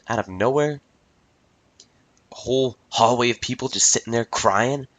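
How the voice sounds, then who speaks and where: A man's voice: medium pitch, fairly bright tone. A young man in his late teens ranting casually into a microphone as host of his own podcast, exasperated and swearing freely. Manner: repeats "I tell you what" and "ridiculous". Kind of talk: casual solo podcast rant. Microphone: talking into a microphone.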